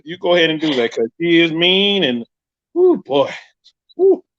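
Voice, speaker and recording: A man's voice: a little high, moderate pace. New York man hosting a live podcast. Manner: animated storytelling with frequent laughs. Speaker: podcast host. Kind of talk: casual live-stream chat. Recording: muffled lo-fi live stream audio.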